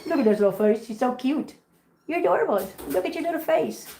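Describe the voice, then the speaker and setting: High-voiced woman cooing at kittens in an echoey room. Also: animated, fairly quick, mellow, slight background noise. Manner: coos baby talk to kittens between chatty asides to viewers. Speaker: cat channel vlogger. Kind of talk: casual vlog chat.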